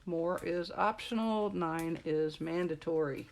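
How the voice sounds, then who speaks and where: A woman's voice: on the low side, slow, a little mellow. Chatty self-mocking woman demonstrating crafts. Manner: chatty, self-deprecating, joking with viewers. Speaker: card-making demonstrator. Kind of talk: live-streamed craft tutorial chat.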